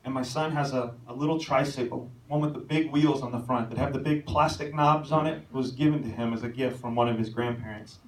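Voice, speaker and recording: A young man preaching a sermon as pastor, telling a story and rising to shouted calls at its peaks. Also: mid-range voice, fairly even intonation, brisk, hardly any pauses, recorded from a distance. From American. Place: church sanctuary. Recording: echoey church hall, mic from afar.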